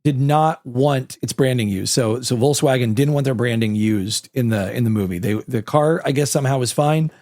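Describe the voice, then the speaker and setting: A man co-hosting a podcast, sharing film trivia in casual chat with relaxed asides. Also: medium pitch, normal speed, few pauses, dry recording, studio quality. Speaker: podcast co-host.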